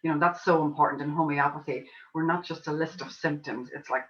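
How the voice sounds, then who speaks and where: A woman's voice: low voice, fairly even intonation, brisk, highs cut off. An Irish woman with an articulate, explanatory manner, a homeopath answering interview questions over a video call from her home in Dublin. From Ireland. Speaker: homeopath guest.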